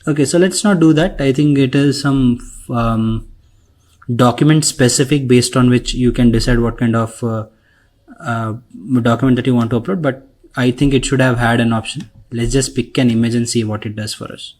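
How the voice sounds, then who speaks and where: A man leading a screen-share software tutorial, talking conversationally and tagging his sentences with "right?" and "okay?". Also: mid-range voice, steady tone, normal speed. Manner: conversational, frequent "right?" tags and fillers. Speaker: instructor. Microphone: recording mic.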